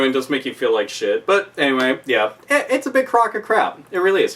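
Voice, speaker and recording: Talking fast with few pauses, this man's high-sitting, slightly bright voice swings widely in pitch. His angry YouTube rant to camera is profane, emphatic, and repetitive, with points driven home again and again.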